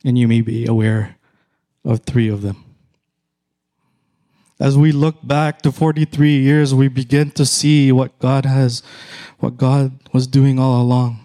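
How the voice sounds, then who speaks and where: A middle-aged man with a Filipino accent, preaching a sermon in a measured, emphatic way with repeated phrases. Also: mid-range voice, flat delivery, mellow. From Philippines. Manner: slow, measured, emphatic repetition.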